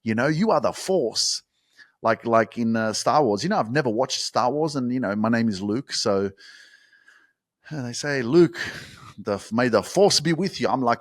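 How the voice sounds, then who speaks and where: A man hosting a motivational podcast, talking casually and swearing freely as he builds up to shouted hype. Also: on the low side, animated, normal speed, no room sound, studio quality. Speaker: podcast host. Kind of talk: motivational talk.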